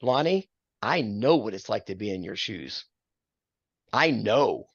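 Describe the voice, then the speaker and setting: Gravelly older man mentoring a couple. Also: lowish voice, big pitch swings, unhurried, no room sound, dull audio. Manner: earnest, preacherly, self-deprecating. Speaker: marriage mentor. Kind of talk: counseling talk with scripture.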